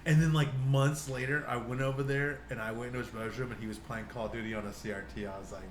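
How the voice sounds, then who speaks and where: A young man co-hosting a podcast talks fast in a mid-range voice with fairly even intonation. In casual chat he tells rambling, swear-filled stories and acts out what people said. The room is echoey with faint noise.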